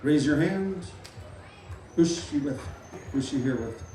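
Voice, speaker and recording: A middle-aged man working as a stage hypnotist at a live comedy show, playfully giving loud, repeated suggestions to volunteers. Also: on the high side, animated, slow pace, slight background noise. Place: large fair tent. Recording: echoey tent, mic heard from far.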